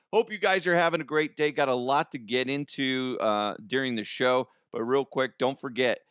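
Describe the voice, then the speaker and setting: A man's voice: medium pitch, a bit bright, no echo, clean studio sound. A man hosting a comedic news podcast in a casual, joking way, laughing often; he sounds like he is in his thirties and records at home. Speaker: podcast host.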